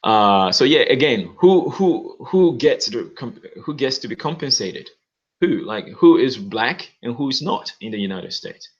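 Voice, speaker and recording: A man's voice: mid-range voice, very animated, a little slow, muffled recording. A man commenting on news in a casual video, emphatic, repeating words and often saying "okay".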